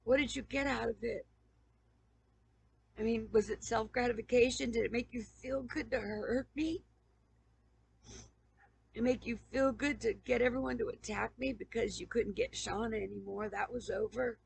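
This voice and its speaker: A woman's voice: fairly high pitch, steady tone, normal speed, long pauses, low-quality recording. A woman YouTuber in an emotional personal appeal to camera, pleading and stammering with repeated questions, on the verge of tears. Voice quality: raspy, gravelly.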